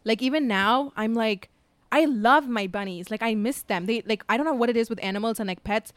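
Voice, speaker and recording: Chatty young woman, smooth dry voice. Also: a little high, brisk, no echo. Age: 20s. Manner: candid, chatty, peppered with likes. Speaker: podcast co-host. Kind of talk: casual chat.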